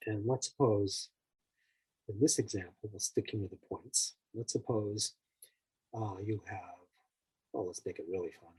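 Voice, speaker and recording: A man's voice: lowish voice, a little slow, pauses often, darkish tone, breathy edge, low-quality recording. A male therapist explaining personality types through examples in a loose, conversational way, full of "like" and "you know", now and then acting out the people he describes. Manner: acts out the people in his examples.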